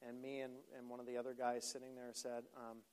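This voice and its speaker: A man's voice: medium pitch, completely flat delivery, fast talker, a little mellow, smooth. A man, a pastor, telling a story in a sermon in a conversational way, with frequent repeated words and quoted dialogue.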